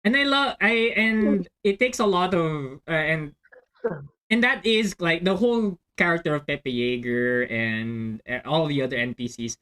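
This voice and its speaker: A man's voice: fairly high pitch, unhurried, bright, forceful tone, clear, resonant tone. A man, host and dungeon master, chatting casually with friends and telling a game story, often restarting sentences. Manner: rambling, restarting sentences, many fillers. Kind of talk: casual chat among friends.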